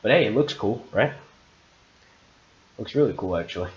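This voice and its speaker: A man's voice: fairly low pitch, lively intonation, normal speed, breathy edge, lo-fi sound. A man hosting a live stream in a casual, rambling way, swearing and restarting his sentences often.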